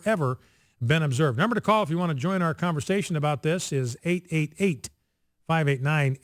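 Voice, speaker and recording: A man's voice: sits high, dry recording, clean studio sound. A man hosting a talk radio show, making his points emphatically and repeating them for effect. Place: radio studio.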